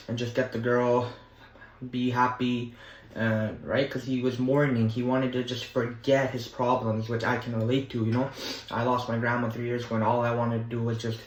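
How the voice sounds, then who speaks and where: A young man in casual vlog chat, rambling eagerly from thought to thought and leaning on filler words. His voice sits at an ordinary middle pitch. The sound rings around an echoey room. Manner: rambling and enthusiastic, with many fillers. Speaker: vlogger.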